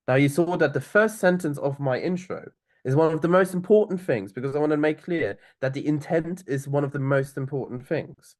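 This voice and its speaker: A young man giving an online seminar on oral advocacy, talking loosely with many fillers and restarts, and slowing right down to show a point. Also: on the high side, a little mellow. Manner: loose, filler-heavy delivery, slowing down to demonstrate.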